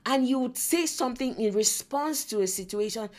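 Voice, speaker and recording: A woman in her forties with a Nigerian English accent hosts a faith-based parenting podcast. She tells stories in an animated way, acting out the lines of the people in them. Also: a little high, normal speed. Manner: animated storyteller who acts out quotes and laughs often. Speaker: podcast host.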